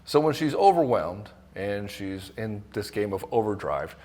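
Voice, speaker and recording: A man's voice: fairly low pitch, big pitch swings, a little slow, a little mellow. A middle-aged man coaching married men straight to camera, blunt and casual, swearing freely and acting out the voices of the people he quotes. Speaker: relationship coach. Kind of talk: direct-to-camera coaching talk.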